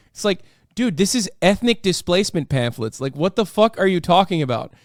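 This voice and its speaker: A man's voice: high voice, big pitch swings, fairly quick, no echo, studio quality. A man hosting a livestream, reacting in casual, profane and incredulous commentary. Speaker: livestream host.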